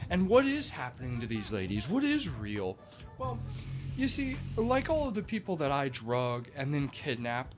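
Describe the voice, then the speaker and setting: A comedic movie reviewer tells a film's plot with sarcastic, animated storytelling and lots of "like" fillers. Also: medium pitch. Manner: frequent "like" fillers.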